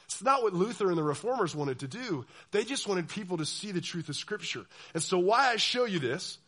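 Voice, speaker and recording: Animated young man preaching to youth. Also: high voice, brisk. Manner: animated, acts out quoted voices. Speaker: youth pastor. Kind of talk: sermon.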